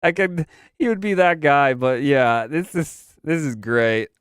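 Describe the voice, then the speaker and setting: A man's voice: a little high, unhurried, fairly bright tone, clear, resonant tone, no room sound, studio quality. A young man hosting a live stream, chatting casually about games and movies, rambling and repeating himself in slangy talk. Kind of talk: casual pop-culture commentary.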